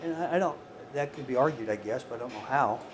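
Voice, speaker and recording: A man's voice: medium pitch, fast, a little hiss or hum. A man lecturing at a workshop in a conversational, emphatic way, often repeating words and speaking straight to his audience. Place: lecture room.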